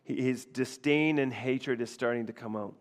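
A man's voice: medium pitch, moderate pace, in a large hall. A man preaching a sermon conversationally, often repeating himself and checking in with the congregation. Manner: conversational, repeats phrases, frequent "right?" asides. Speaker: pastor. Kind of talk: expository sermon.

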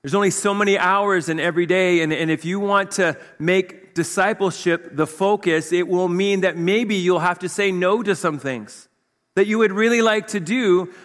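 A man preaches in a slightly high voice, talking to the congregation in a loose, conversational way. He keeps pressing them with rhetorical questions, and his words trail off into a long, echoing hall reverb. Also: fairly bright tone. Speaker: pastor. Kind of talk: sermon.

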